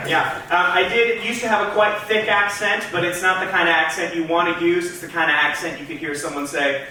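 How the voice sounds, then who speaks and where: A man from Georgia doing a stand-up comedy set in a club, chatty and self-deprecating with quick asides to the crowd. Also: sits high, far from the mic, background noise. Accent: trained neutral American, Southern accent dropped. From Georgia, USA. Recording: echoey club heard from off-mic.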